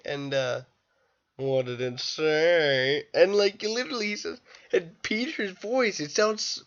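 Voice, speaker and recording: A tired young man rambling through a casual, irreverent movie review late at night, breaking into loud bursts when quoting scenes. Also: mid-range voice. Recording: dull lo-fi home recording.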